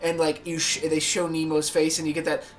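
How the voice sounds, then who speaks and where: A man's voice: a little high, completely flat delivery, a little fast, faint music behind. A man talking casually and enthusiastically about a favorite film, often quoting its lines. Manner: enthusiastic, quotes film lines in little voices. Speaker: podcast host.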